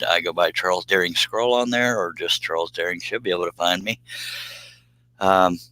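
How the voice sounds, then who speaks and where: Folksy low-voiced man. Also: bright, forceful tone, clean tone, no echo, rough recording. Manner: rambling, folksy, laughs often. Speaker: woodworking live streamer. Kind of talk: casual live-stream chat.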